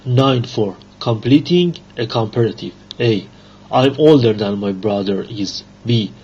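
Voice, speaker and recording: A man teaching an English grammar lesson, reading rules and examples aloud slowly with pauses and fillers. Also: fairly low pitch, a little mellow, a little hiss or hum. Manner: slow, halting reading with fillers. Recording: dull lo-fi recording.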